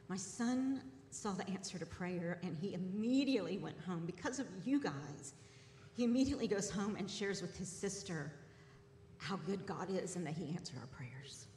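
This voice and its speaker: A woman's voice: normal speed, darkish tone. Earnest woman testifying in echoey church. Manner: earnest, hesitant, many ums. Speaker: church member giving testimony. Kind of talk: personal testimony before a congregation. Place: large church sanctuary. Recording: roomy hall echo, faint rumble.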